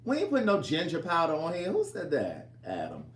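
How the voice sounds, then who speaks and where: A man talks casually to his livestream viewers while he cooks. His voice sits a touch high and swings up and down with lively energy. The home kitchen around him sounds roomy and echoey. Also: fairly quick. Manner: chatty, teasing, reads viewer comments aloud.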